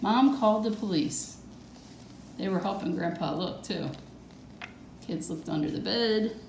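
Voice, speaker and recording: A woman reading a picture book aloud to children, gently pointing out the pictures. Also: medium pitch, unhurried, a little hiss or hum. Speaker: reader. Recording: echoey room.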